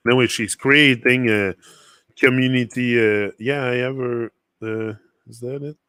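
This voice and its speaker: A man with a French accent, a native French speaker, hosting a casual motivational livestream. His voice is bright and forceful, in a dry, close sound. He rambles loosely, circling back with fillers and restarts. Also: medium pitch, steady tone, unhurried, clear, resonant tone, no echo. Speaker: livestream host.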